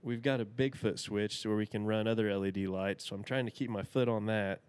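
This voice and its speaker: A man's voice: on the low side, fairly even intonation, fairly quick, a little mellow, clean tone, no room sound. A man in his thirties, a podcast guest telling a rambling, folksy story and laughing often. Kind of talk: casual storytelling.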